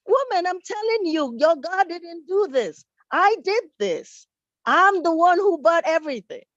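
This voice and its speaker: A woman's voice: very high-pitched, animated, unhurried, no room sound, voice pushed up. Woman doing a boastful atheist neighbor man. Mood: insistent. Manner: insistent, repeats himself. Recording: dull, dry recording.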